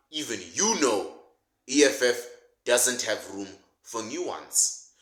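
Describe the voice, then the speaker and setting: Male commentator, mocking comedic rant, animated delivery, roomy sound. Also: mid-range voice. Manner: sarcastic, mocking, laughs at his own jokes. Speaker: political commentator. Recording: roomy echo.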